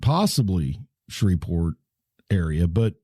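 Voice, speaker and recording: A man talks politics in a loose, wry, rambling way, often restarting his sentences. His voice is mellow and low-key. The sound is dry and close, with no room around it. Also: very animated, unhurried, no room sound. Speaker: podcast co-host. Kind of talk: casual political chat.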